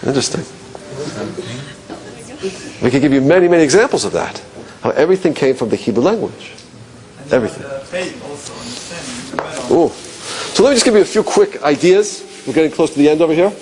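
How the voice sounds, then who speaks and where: A man's voice: a little high, animated, brisk, long pauses, crowd noise. Man lecturing with rhetorical questions. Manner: rhetorical questions, musing "interesting". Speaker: teacher. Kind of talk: classroom lecture.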